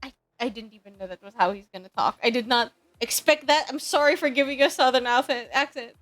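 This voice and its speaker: A young woman streaming a dating game, reading the narration aloud and reacting with excitement and laughter. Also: on the high side, fast talker.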